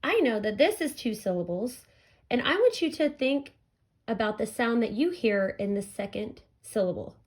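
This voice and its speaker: A woman teacher giving a recorded phonics lesson to children, speaking clearly and drawing out each sound. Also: on the high side, expressive. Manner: slow, clear, stretching out sounds for young learners.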